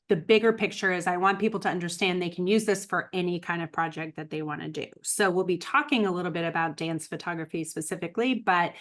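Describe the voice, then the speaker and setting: A middle-aged woman with a slightly low voice talks through her photography project in a relaxed, chatty way. She fills her sentences with likes and ums, sounding easygoing and talkative. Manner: chatty, many fillers and likes. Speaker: guest photographer presenter. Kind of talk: casual chat. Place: event space studio.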